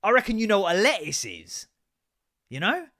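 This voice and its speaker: A man's voice: high voice, moderate pace. Guy on his podcast, casual rant, lots of swearing, voice jumps up and down a lot. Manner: animated, sweary, mimics voices in anecdotes. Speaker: podcast host.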